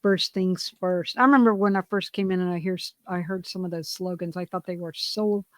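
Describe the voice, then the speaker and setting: A middle-aged woman co-hosting a podcast, telling personal stories in an open, confessional way with lively re-enacted quotes. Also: lowish voice, a little fast. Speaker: podcast co-host. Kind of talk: candid casual chat.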